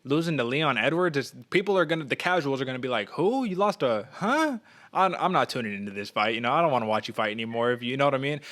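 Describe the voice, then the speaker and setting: A man co-hosting a combat sports podcast, talking casually and animatedly, often putting questions to his co-host. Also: mid-range voice. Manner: fast, animated, asks questions, acts out quotes.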